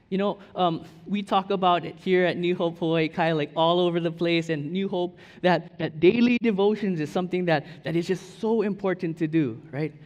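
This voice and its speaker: A man's voice: high-pitched, darkish tone. A man in his thirties, a pastor preaching a sermon in a casual, storytelling way, full of fillers and restarts. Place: church sanctuary. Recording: church hall reverb.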